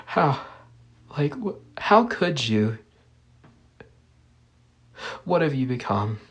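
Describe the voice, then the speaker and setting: A man voicing an unhappy young wife in a spoken story, raising his voice high for her exasperated pleading. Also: very animated, extremely slow. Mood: tearful.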